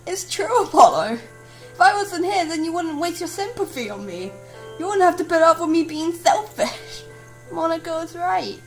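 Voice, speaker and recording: A woman putting on a sweet, brittle teen girl from a dating game whose cheer keeps cracking into tears. The voice sits high and a little louder than her own, wobbly and slow in places. Soft music lingers behind. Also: lively intonation, low-quality recording. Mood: anguished. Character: bubbly but depressed teen girl. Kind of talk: dramatic let's-play voice acting.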